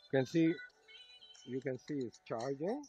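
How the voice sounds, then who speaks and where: A man casually demonstrating a gadget, talking haltingly, repeating words as he tries things out live. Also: mid-range voice, expressive, dark tone, faint music behind. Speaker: product reviewer. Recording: dull lo-fi sound.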